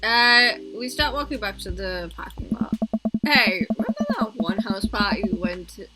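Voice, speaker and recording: Animated woman streamer reading game dialogue. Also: on the high side, moderate pace, poor audio. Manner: animated, laughs often, gushes emotionally. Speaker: streamer playing a dating game. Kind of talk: reading game dialogue aloud with live reactions. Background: game music.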